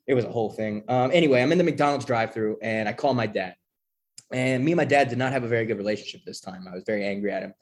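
Young man, candid storytelling, profane, animated, average pitch. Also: fast talker. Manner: animated, profane, peppers lines with "right?". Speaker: person in recovery sharing his story.

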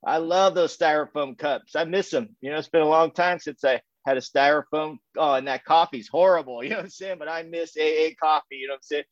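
A man's voice: on the high side, brisk, few pauses, no room sound, highs cut off. A man telling his recovery story at a meeting in a loose, rambling way, with lots of fillers and restarts and frequent laughs. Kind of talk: casual personal story share. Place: home via video call.

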